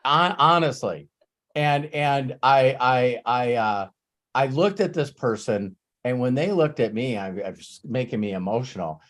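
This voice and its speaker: A man's voice: mid-range voice, lively intonation, measured pace, fairly bright tone. Male host, casual coach, repeats words, gets emotional, curses freely. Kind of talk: casual live Q&A storytelling.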